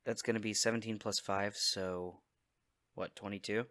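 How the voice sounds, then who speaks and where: A man playing a tabletop game, speaking casually and relaxed, with fillers. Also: lowish voice, normal speed. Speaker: player.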